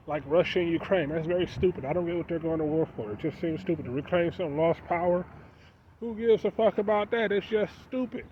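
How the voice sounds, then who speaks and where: A vlogger with a high voice speaks briskly and casually to his viewers, delivering a preachy monologue packed with rhetorical questions. The sound is dull and lo-fi, with faint street noise behind him.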